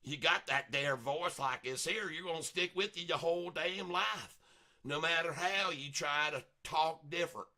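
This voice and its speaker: A man's voice: on the high side, moderate pace, bright, forceful tone. A man putting on a folksy Southern US accent, talking in a boastful, rambling drawl. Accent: put-on Southern US.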